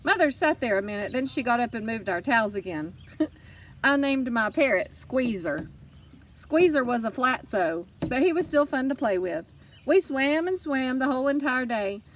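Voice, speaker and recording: A woman narrating a children's audiobook in first person, lively and expressive. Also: high voice, normal speed, recorded from a distance, a little hiss or hum. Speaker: audiobook reader.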